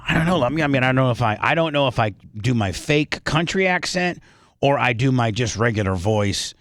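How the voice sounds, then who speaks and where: A man hosting a radio show in casual banter, halting and repeating himself, poking fun at himself, speaking into a studio microphone. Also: medium pitch, lively intonation, a bit bright, no room sound. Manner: halting, repeats words, self-deprecating. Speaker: radio host.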